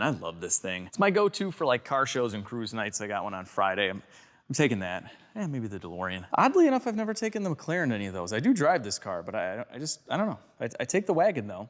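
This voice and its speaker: A young man from Chicago chatting and joking with viewers while he cleans and details a car. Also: medium pitch. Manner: chatty, jokey, talks to viewers while working. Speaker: car YouTuber. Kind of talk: casual car-detailing vlog narration.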